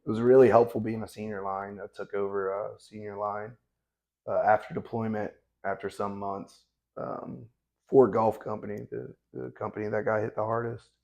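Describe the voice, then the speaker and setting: A gravelly, fairly low-pitched man in his thirties speaking as a veteran corpsman guest. He tells his story in a blunt, matter-of-fact way, restarting his sentences often. His delivery stays flat, with little rise and fall. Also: moderate pace. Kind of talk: candid conversational storytelling.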